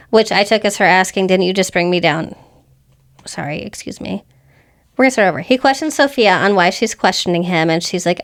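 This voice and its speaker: Chatty giggly woman podcast host. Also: mid-range voice. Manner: chatty, giggly, quick retelling. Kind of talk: casual chat summarizing a book.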